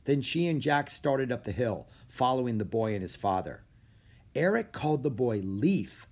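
A man narrating a children's storybook aloud, expressive and animated. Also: medium pitch, moderate pace.

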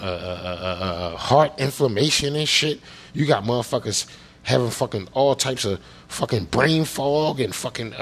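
A man hosting his own show, ranting angrily with constant swearing and repeated phrases. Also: medium pitch. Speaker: show host. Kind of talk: profane political rant.

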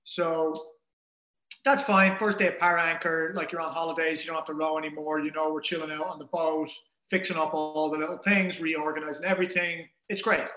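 A man casually telling a story in an animated way, acting out the things people said. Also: a little high, a little fast. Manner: animated, acts out quoted dialogue. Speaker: guest telling an ocean rowing story. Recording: roomy echo.

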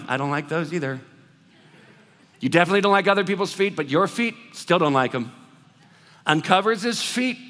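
A man preaching a sermon, telling a story with lively acted-out dialogue before moving into scripture. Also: fairly high pitch. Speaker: pastor. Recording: reverberant hall sound.

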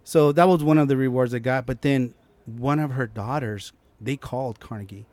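A young man, a guest in a casual interview, telling a personal story with lively acted-out quotes and frequent restarts. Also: mid-range voice, moderate pace. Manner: animated, acts out quotes, many restarts.

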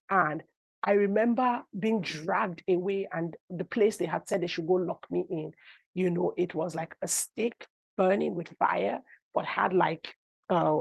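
A woman's voice: fairly low pitch, creaky, slightly rough, dry recording. A middle-aged woman preacher, giving a sermon full of personal testimony, telling stories animatedly and rising to cries. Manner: animated storytelling that rises to cries. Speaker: apostle, preacher.

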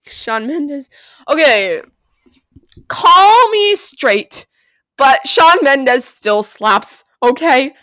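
A young woman chats through her old playlists on a solo podcast, swearing freely and bursting into loud laughs. Her voice sits a little high. The sound is dry and close, with no room around it. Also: no room sound. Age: young adult. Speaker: podcast host. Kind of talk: casual solo podcast chat. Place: bedroom.

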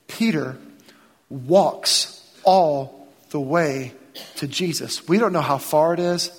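A man preaching in a church, his voice sitting high for a man. He retells scripture in a loose, conversational way, voicing the characters in modern slang. The sound carries a long reverb from the sanctuary. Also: slightly rough. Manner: casual storytelling, acts out biblical dialogue in everyday speech. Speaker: pastor. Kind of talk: sermon.

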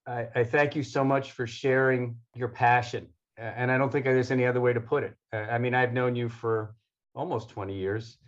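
A man hosting a conversation, giving earnest, halting closing thanks and often repeating words. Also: mid-range voice, fairly even intonation. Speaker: host. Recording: dull, lo-fi.

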